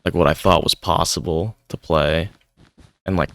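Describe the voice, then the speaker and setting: Talking over his gameplay on a desk mic, a young gaming YouTuber rambles casually and leans heavily on "like." He has a deep, a bit bright voice with a steady tone and moderate pace, recorded at studio quality with no room sound.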